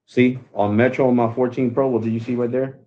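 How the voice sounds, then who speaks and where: His mid-range voice is level, brisk, and mellow as he hosts a relaxed tech stream, tossing out slang and calling his audience "bro." The recording has a dull, lo-fi quality.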